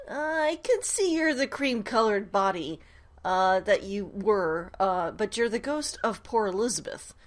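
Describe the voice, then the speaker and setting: A woman doing a gentle, kind young man. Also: medium pitch, lively intonation, measured pace, natural voice. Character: kind, calm young man facing a ghost. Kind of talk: storybook reading.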